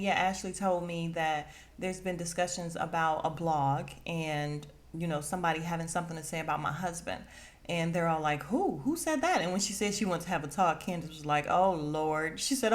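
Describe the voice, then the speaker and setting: A woman hosting a casual podcast, recapping a reality show with a sassy, animated delivery and quick bursts of acted-out quotes. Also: fairly low pitch.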